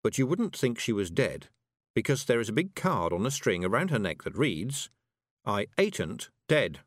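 A man narrating an audiobook in an expressive, measured storytelling manner. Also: medium pitch, no echo, clean studio sound.

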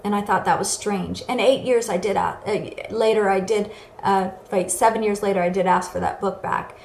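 A woman's voice: mid-range voice, fairly even intonation, moderate pace, gravelly, slight background noise. A woman giving an earnest, emotional personal testimony as a recovery speaker. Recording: echoey room with faint ambience.

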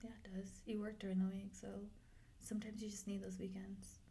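A woman's voice: mid-range voice, level tone, a little fast, vocal fry, dark tone, slight background noise. A young woman in her twenties co-hosting a podcast, telling a story in a rambling casual way, full of fillers and swearing. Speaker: podcast co-host. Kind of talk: casual chat.

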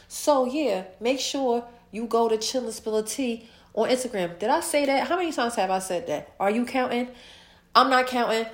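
A woman hosting her own podcast, chatting casually and warmly about her week, stuffed up from a sinus infection. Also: mid-range voice, roomy sound. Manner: chatty, repetitive, heartfelt. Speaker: podcast host. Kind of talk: casual solo podcast chat.

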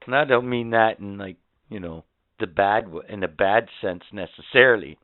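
A middle-aged man cohosting a casual podcast, giving blunt, profane fatherly advice that swings between muttered asides and loud outbursts. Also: lowish voice, moderate pace, dry recording. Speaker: podcast co-host. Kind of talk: casual crude banter. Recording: tinny phone-like lo-fi audio.

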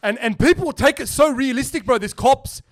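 A young man hosting a podcast, chatting casually and telling stories in an excited, animated way full of slang. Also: very high-pitched, fairly quick, no room sound, clean studio sound. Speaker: podcast host. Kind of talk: casual chat.

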